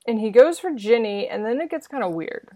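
A woman's voice: fairly high pitch, lively intonation, brisk, warm tone, no room sound. A woman co-hosting a podcast, rambling through a film recap with lots of fillers and casual swearing. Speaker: podcast co-host.

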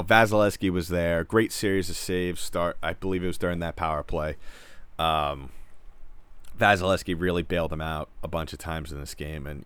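A man giving a casual, rambling hockey recap as a frustrated fan, talking in quick restarts. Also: sits low, a bit bright, smooth, no echo. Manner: rambling, exasperated, many restarts. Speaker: sports fan commentator. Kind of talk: casual sports recap commentary.

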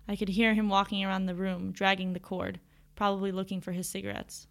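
A woman reading a first-person story aloud in a measured, reflective audiobook narration. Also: mid-range voice, flat delivery.

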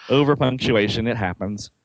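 A man's voice: medium pitch, a little slow, dry recording. A man casually reading comic-book dialogue aloud, adding joking asides and laughing often.

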